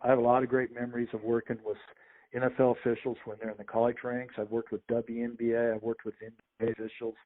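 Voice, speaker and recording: A man, a sports official and podcast guest, telling lively anecdotes and acting out the people in them. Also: mid-range voice, fast. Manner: animated anecdotes with quoted voices. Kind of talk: storytelling interview. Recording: phone-like narrow audio.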